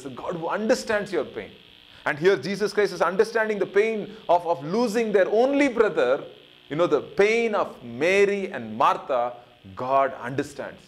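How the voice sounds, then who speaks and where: A man giving an earnest Bible study, repeating phrases for emphasis and building up on key points before dropping soft at the ends of lines. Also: on the high side, lively intonation, moderate pace. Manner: rises and swells on key points, drops soft at line ends. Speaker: Bible teacher.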